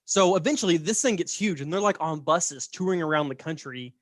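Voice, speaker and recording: A man's voice: a little high, expressive, fairly quick, no room sound, studio quality. Chatty man telling a story. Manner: chatty, laughing, frequent "right?". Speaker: podcast host. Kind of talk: casual storytelling.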